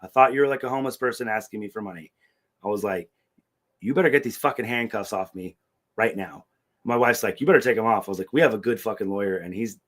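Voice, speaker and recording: A middle-aged man tells a story in casual podcast chat, animated and profane, putting on the voices of everyone in it. His voice sits at an ordinary middle pitch. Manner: animated, profane, acts out quoted dialogue. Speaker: podcast co-host.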